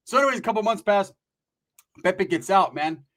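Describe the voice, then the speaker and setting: A man's voice: high-pitched, lively intonation, fairly quick, fairly bright tone. A man from California telling a profane, slangy comedy story, laughing and doing voices.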